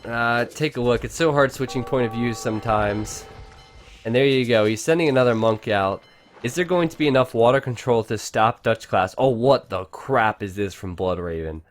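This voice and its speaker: A man giving casual, excitable commentary on a strategy game match, chatting to his viewers. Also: mid-range voice, moderate pace, faint music behind. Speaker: game caster.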